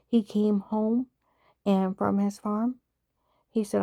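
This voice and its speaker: A woman's voice: mid-range voice, level tone, slow pace, creaky, mellow, no room sound, muffled recording. A woman delivering an angry personal monologue, indignant and emphatic, who says she stutters when upset. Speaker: vlogger.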